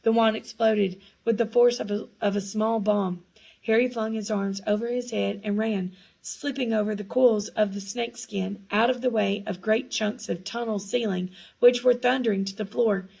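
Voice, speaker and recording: A woman reading a storybook aloud in a hushed, suspenseful manner, now and then correcting small slips. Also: medium pitch, steady tone, normal speed, gravelly, rough recording. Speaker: audiobook reader. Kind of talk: storybook narration.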